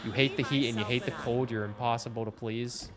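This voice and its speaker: Young man from Canada, chatty gameplay commentary, loud game music underneath. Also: mid-range voice, fairly even intonation, brisk. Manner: chatty, joking, swearing. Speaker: streamer. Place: home, indoors.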